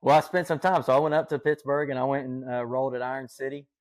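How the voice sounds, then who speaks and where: A man's voice: mid-range voice, fairly even intonation, fast talker, no room sound. A man with a Southern Appalachian accent, telling stories as a podcast guest in an enthusiastic, folksy way. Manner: enthusiastic, folksy, lots of fillers. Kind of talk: casual storytelling chat.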